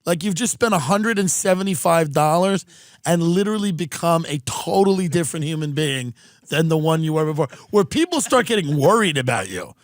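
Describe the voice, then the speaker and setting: Fairly high in pitch and fairly quick, this man hosts a comedic storytelling podcast from Southern California. He's animated and profane, mimicking whoever he quotes, and the studio-quality recording has no room sound.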